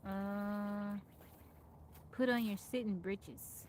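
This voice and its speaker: A woman's voice: medium pitch, steady tone, drawn-out words, darkish tone, slight background noise. A woman hosting a casual livestream, reading out folksy old sayings and greeting viewers by name. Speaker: livestream host.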